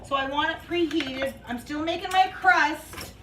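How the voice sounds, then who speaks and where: A woman's voice: high voice, moderate pace, background noise. A woman vlogging as she bakes in her home kitchen, chatting in a rambling way and laughing often. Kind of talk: casual chat while baking.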